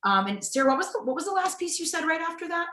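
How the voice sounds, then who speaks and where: Bright-voiced woman host in an echoey room. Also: very high voice, big pitch swings. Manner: warm, enthusiastic, slows down for emphasis. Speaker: podcast host. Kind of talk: casual interview chat.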